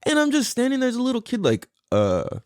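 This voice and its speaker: A man's voice: very high-pitched, very animated, rapid-fire, no room sound, clean studio sound. A man in his thirties hosting a podcast, telling stories casually, rambling, swearing often and losing his thread. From California. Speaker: podcast host. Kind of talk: casual storytelling.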